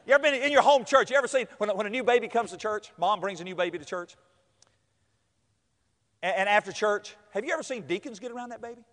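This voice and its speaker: A man's voice: sits high, quick pace. A man preaching a storytelling sermon, acting out quotes and laughing as he goes. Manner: animated, acts out quotes with laughter. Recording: long hall reverb.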